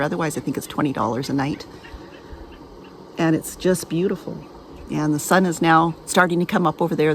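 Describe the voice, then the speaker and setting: A woman's voice: sits low, slight background noise, rough recording. A middle-aged woman chatting casually to her camera at a lakeside campground, recorded outdoors. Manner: chatty, gets emotional and laughs softly. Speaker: vlogger. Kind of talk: casual vlog narration.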